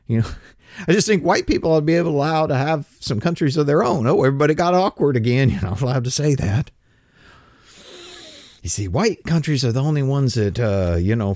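A man's voice: medium pitch, darkish tone, dry recording, studio quality. A man delivering a sarcastic, mocking opinion monologue as a political commentator.

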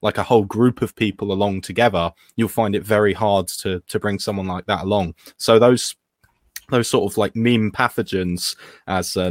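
A man speaking as a guest on a livestream panel chat, halting and repeating words as he goes. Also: sits low, no room sound, studio quality.

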